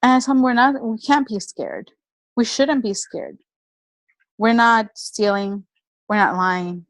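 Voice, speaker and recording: A woman giving a personal motivational talk in an energetic, chatty storytelling manner. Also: fairly high pitch, slow pace, no echo, rough recording. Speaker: motivational speaker.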